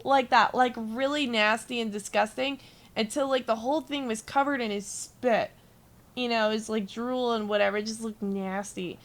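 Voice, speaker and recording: Young female streamer, gravelly, slightly high voice, rambling and profane while she plays. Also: steady tone, normal speed. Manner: rambling storytelling, swears freely, chats with viewers. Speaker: gaming streamer. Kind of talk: casual chat while gaming.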